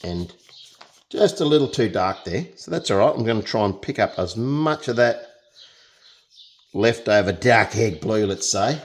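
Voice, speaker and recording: A man's voice: mid-range voice, expressive, normal speed. A young Australian man chatting casually through a painting demonstration, joking as he works. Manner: chatty, jokey, talks while working. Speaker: painting tutor.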